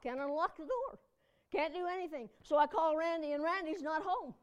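A woman's voice: high-pitched, normal speed, muffled recording. A woman pastor preaching a conversational sermon, telling chatty personal stories with frequent laughter and sudden emphatic cries.

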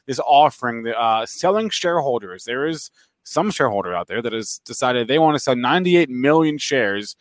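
Man talking in halting restarts. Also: medium pitch, expressive, no room sound. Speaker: co-host. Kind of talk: casual chat.

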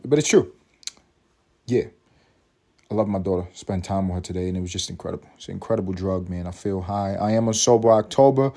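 A man's voice: lowish voice, dark tone. A man hosting a casual solo podcast, rambling and swearing freely, mocking himself and breaking into laughter. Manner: rambling, profane, self-mocking with bursts of laughter. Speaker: podcast host.

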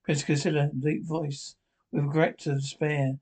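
A man with a slightly higher voice narrates a TV episode's plot in an informal, halting way. He stumbles, restarts phrases, and tosses in offhand asides as he reads out the dialogue. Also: little pitch movement, darkish tone, husky. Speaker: reader retelling a TV episode.

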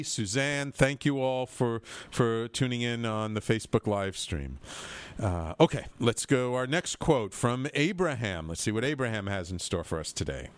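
A man's voice: lowish voice, clean tone. A man hosting a radio talk show, chatting with enthusiasm and rambling through many fillers.

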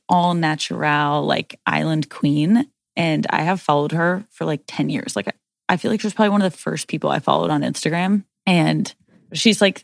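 A woman's voice: lowish voice, gravelly, no room sound, studio quality. A young woman co-hosting a podcast, chatting casually and rambling through a story, saying "like" all the time. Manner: chatty, rambling, heavy use of "like". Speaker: podcast co-host. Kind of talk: casual chat.

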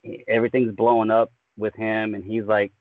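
A man's voice: lowish voice, flat delivery, moderate pace, no room sound. A man, a voice actor guest, chatting casually and enthusiastically, often saying "man" and "dude". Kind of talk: casual podcast chat. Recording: tinny phone-like line, dry.

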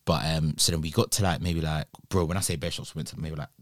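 A man's voice: rumbling low, fairly even intonation, quick pace, no room sound, clean studio sound. A young man in his twenties with a London accent, telling a story in casual, slang-heavy chat.

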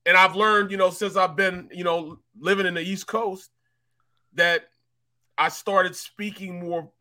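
A man's voice: sits high, fairly even intonation, measured pace, pushed and bright. A man from St. Louis co-hosting a sports talk show in casual, rambling chat, often tagging lines with "man". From St. Louis, USA. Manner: laid-back, rambling, tags lines with "man". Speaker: sports radio co-host.

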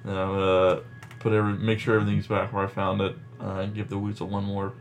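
A man joking his way through a tabletop role-playing session in a relaxed, easy manner. His voice sits somewhat low, with faint background noise under it. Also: fast talker. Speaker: player.

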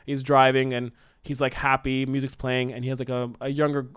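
A man talks fast and loosely, piling up fillers as he pitches a movie scene to his co-host. His voice is smooth and clear. The sound is close and dry. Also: no echo. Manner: animated, rambling storytelling with many fillers. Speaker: podcast co-host. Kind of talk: casual brainstorming chat.

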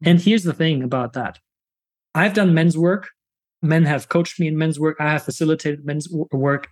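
Earnest man telling a personal story. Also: fairly high pitch. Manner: earnest, acts out his own past lines in quick bursts. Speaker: podcast guest sharing personal story. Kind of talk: candid conversational storytelling.

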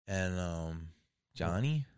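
A man's voice: deep voice, expressive, takes it slowly, a little mellow, clean tone, dry recording, clean studio sound. A man hosting a podcast, talking in a rambling, casual way with frequent laughs and easy swearing. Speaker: podcast host. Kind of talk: casual chat.

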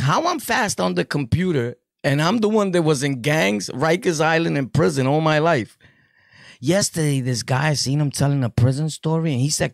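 Gravelly, joking New York man. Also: a little high, normal speed, no echo, studio quality. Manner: joking, laughs often, heavy street slang. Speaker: podcaster telling prison stories. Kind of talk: casual storytelling to camera.

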